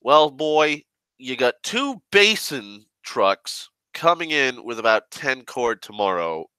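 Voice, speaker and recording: A man's voice: mid-range voice, very animated, slow, sharp tone, clear, resonant tone, dry recording, full character voice. A man quoting his blunt male boss at a wood yard, who gives him matter-of-fact orders.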